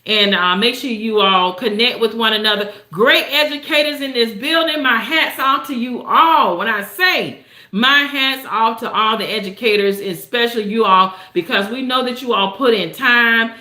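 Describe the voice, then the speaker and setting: An older woman hosts a live storytime stream, talking to viewers at a moderate pace in a warm, encouraging, preacher-like cadence. She swings her pitch widely and keeps tagging lines with "right?", and the recording has a roomy echo.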